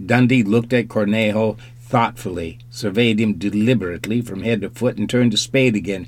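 A man narrating an audiobook in a measured, even storytelling manner. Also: on the low side, slight background noise. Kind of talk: scripted narration.

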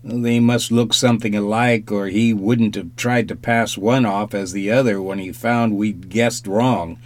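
A man reading an audiobook, voicing a calm, dry, quietly mocking private detective close to his own voice. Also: fairly low pitch, measured pace, lightly acted. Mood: cool, sly. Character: cool, sardonic private detective.

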